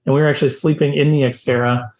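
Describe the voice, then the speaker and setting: A middle-aged man from the Midwest, a podcast guest telling lively anecdotes in casual conversation. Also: medium pitch, fast. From American Midwest. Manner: animated, lively anecdotes with quoted voices. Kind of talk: casual storytelling. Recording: echoey room.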